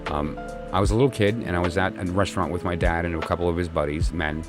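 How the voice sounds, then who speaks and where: A man with a very low voice speaks in a loose, conversational way. He tells a reflective personal story as a tarot reader, circling back and restarting his sentences. Soft music plays clearly behind him. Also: steady tone, fast talker. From New York. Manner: meandering, many restarts and fillers, conversational.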